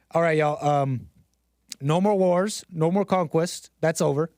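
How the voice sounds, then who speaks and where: A man's voice: on the high side, takes it slowly, a little mellow, no room sound, studio quality. A man mimicking a boastful folksy president. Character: smug, boastful older male US president, speechifying.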